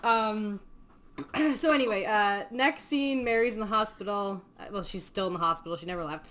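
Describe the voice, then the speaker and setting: A young woman talking through a movie with a friend, loose and chatty, laughing easily and dropping the odd curse. Her voice sits at an ordinary middle pitch. A faint hiss runs under the recording. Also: moderate pace, a bit bright. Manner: chatty, laughs often, swears casually. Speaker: podcast host recapping a film. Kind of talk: casual chat.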